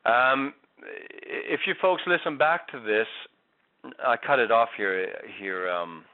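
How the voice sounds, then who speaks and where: A man's voice: mid-range voice, sing-song, slow pace. A man coaching a singer, talking through feedback in an easy, conversational way. He often restarts his sentences and checks in with "right?" as he explains. His voice comes through thin and tinny, like over a phone line. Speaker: vocal coach. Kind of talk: giving singing feedback on a recording.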